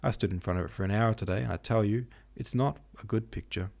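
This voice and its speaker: A man's voice: fairly low pitch, fast, gravelly, darkish tone. A man voicing a dramatic, opinionated young male art student who argues emphatically. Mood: argumentative. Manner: assertive, emphatic.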